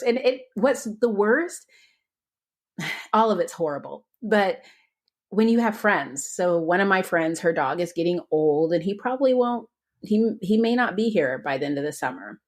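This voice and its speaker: A woman co-hosting a podcast in casual chat, talking freely with frequent laughs and restarts. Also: fairly low pitch. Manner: chatty, laughs often, trailing restarts. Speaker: podcast co-host.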